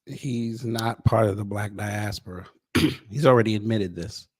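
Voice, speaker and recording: Animated man hosting a commentary stream. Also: lowish voice, unhurried, slightly rough, dry recording, studio quality. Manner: animated, greets viewers by name. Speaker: YouTube commentary host. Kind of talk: casual commentary.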